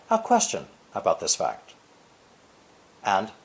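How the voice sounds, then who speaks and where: Older man teaching with lively intonation. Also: lowish voice. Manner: deliberate, stressing key words with sweeping intonation. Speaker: English teacher. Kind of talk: scripted explanatory lesson.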